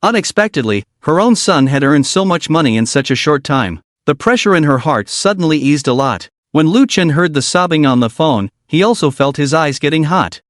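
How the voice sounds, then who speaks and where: A man reading a comic recap as scripted narration, doing every part in the same steady narrating voice. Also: on the high side, moderate pace, few pauses, no room sound, clean studio sound.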